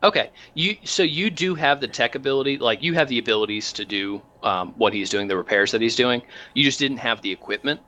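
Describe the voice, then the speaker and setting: A man's voice: mid-range voice, fairly quick, hardly any pauses, pushed and bright. A man narrating a tabletop role-playing game as game master, rambling with many fillers.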